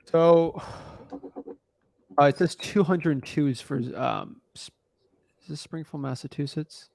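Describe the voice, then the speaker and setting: A man's voice: fairly high pitch, takes it slowly, vocal fry, a little mellow. Slangy, laid-back young man coaching. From United States. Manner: laid-back, slangy, talks through what he looks up. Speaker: real estate wholesaling coach. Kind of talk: casual coaching call.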